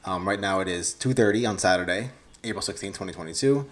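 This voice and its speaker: A man's voice: low-pitched, fast talker. A young man, vlogging casually in a rambling, awkward, self-deprecating way. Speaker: YouTuber. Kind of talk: casual vlog talk to camera.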